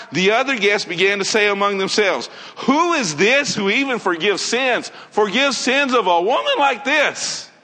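Earnest high-voiced preacher in a reverberant hall. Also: male voice, a bit bright. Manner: earnest, repetitive emphasis, quoting scripture. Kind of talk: sermon.

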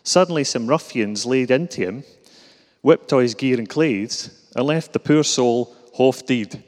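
A man's voice: medium pitch, unhurried, darkish tone, lightly acted. Glaswegian Jesus, homely and down-to-earth, voiced by a man, echoing hall. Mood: friendly. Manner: broad, homely storytelling. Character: Jesus as a plain-spoken Glasgow man. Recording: reverberant hall.

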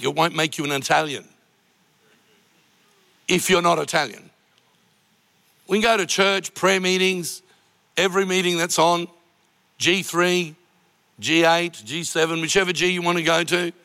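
Pausing often, this pastor speaks at normal speed in a high voice with vocal fry, pushed and bright. He tells personal stories in an emotional sermon that rises to impassioned cries. The setting is a large church auditorium with a long, hall-like reverb.

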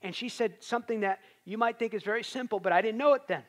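A man's voice: sits high, fast talker, fairly bright tone. A man preaching a sermon in a conversational way, rising to emphatic peaks.

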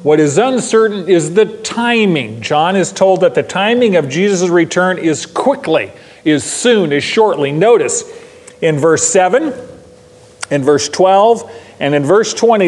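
A man's voice: high-pitched, animated, a little slow, darkish tone. Emphatic preaching man, hall reverb. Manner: emphatic, repeats key lines for stress. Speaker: pastor. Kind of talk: sermon.

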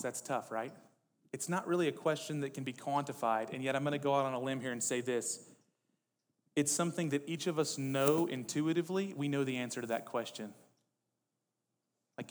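A man's voice: mid-range voice, in a large hall. A male pastor preaching a sermon, reading quotes with rising intensity between casual asides.

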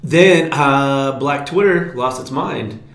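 A man's voice: medium pitch, takes it slowly, fairly bright tone, slight background noise. A man in his twenties co-hosting a casual chat, rambling with many fillers and quoted asides. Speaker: podcast co-host. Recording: echoey room.

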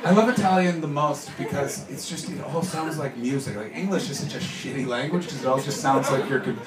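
A man doing stand-up comedy, bantering with the crowd in a loud, sweary way. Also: medium pitch, a little fast. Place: live comedy venue with audience. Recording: roomy, distant mic with background noise.

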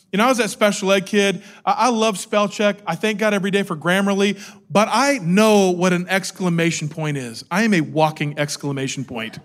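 A middle-aged man preaching a sermon, telling the story with energy and acting out the quotes. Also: high voice. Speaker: pastor.

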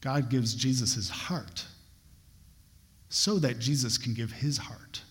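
A young adult man, a pastor, preaches a sermon in a slow, mid-range voice, telling a personal story with earnest emphasis that keeps building. The recording carries a long hall reverb.

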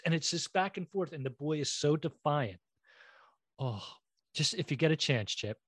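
A middle-aged man co-hosting a podcast in casual chat, telling stories in a rambling, animated way and acting out quotes. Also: mid-range voice, normal speed, no echo. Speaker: podcast co-host.

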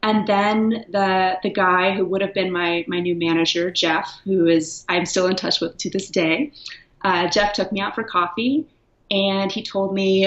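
A candid woman talking through her story in a relaxed interview, reflective and quick to laugh. Her voice sits at an ordinary pitch. The recording is roomy with echo and a little dull. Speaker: guest, writer. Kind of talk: casual interview. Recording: echoey, dull lo-fi sound.

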